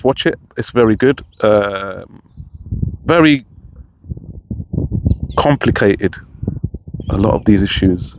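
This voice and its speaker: A middle-aged man chatting casually outdoors in a park, rambling with many restarts. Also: fairly low pitch. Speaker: vlogger. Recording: dull lo-fi sound with faint noise.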